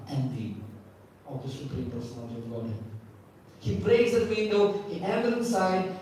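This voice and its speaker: A man's voice: fairly high pitch, warm tone, a little hiss or hum. A man giving a scripture class as a spiritual teacher, emphatic and repeating key phrases, asking and answering his own questions. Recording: echoey hall from far off.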